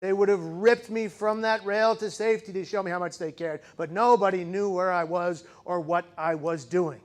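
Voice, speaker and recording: A man giving a speech to a live audience, telling a personal story dramatically. He swings from raised intensity to hushed, slow emphasis and asks the audience rhetorical questions. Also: high-pitched, steady tone. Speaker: keynote speaker.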